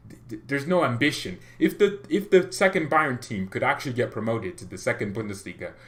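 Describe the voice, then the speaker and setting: A man hosting a football fan livestream, talking in a rambling, excitable way with lots of restarts. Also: medium pitch, fairly quick. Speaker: fan channel host.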